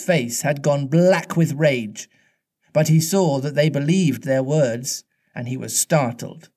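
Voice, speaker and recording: A man reading a classic children's novel aloud, expressive and unhurried, stopping to chat. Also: mid-range voice. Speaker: reader and podcast host.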